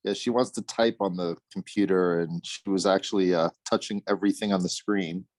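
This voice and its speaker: A man on a group video call with a toddler on his lap, talking in a doting and animated way. He coaxes the child to speak and describes her habits. His voice comes through a computer microphone. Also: low voice, fairly quick. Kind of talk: casual group video chat. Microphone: computer mic on a video call.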